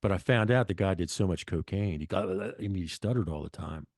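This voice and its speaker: A man's voice: low-pitched, brisk, a little mellow, no echo, clean studio sound. A middle-aged man guest telling stories in a blunt, profane, rambling way, often restarting his sentences. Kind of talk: casual storytelling.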